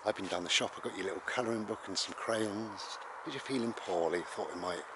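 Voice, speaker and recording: A man voicing a doting mother fussing over her sick child, soft and cooing. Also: lowish voice, brisk, noisy background, lightly acted. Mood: tender.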